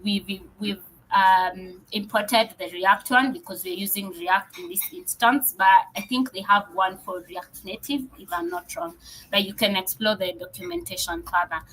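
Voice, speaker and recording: A woman's voice: mid-range voice, normal speed, fairly bright tone, poor audio. A woman developer relations presenter walking through code in a live coding session, explaining steps with frequent fillers and restarts.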